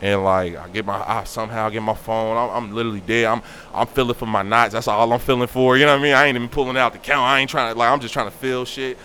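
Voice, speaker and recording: A man's voice: medium pitch, fast talker, hardly any pauses. Young man, casual storyteller who acts out the voices, slight background hiss. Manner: animated, acts out quoted voices. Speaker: guest telling a story.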